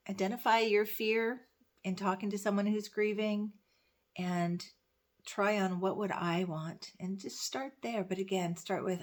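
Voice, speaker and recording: Earnest gentle woman, soft whispers. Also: medium pitch. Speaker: grief support speaker. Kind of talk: heartfelt talk to camera with a poem read aloud.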